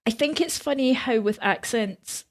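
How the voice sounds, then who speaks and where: A woman chatting on a podcast as a host, talking in a lively, chatty way. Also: a little high, normal speed. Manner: chatty and animated. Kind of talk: casual chat.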